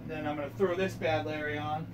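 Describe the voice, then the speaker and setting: A man's voice: fairly high pitch, little pitch movement, brisk, heavy background noise. A man hosting a casual record review show, talking in a loose, rambling way and swearing casually. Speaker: host.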